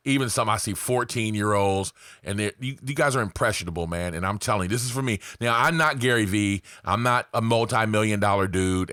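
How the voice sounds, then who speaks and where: Low-voiced man ranting casually to camera. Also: a bit bright, dry recording, studio quality. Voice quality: profane, emphatic, street-casual. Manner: fillers like "man" and "right", rambling. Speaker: vlogger. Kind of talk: casual motivational rant to camera.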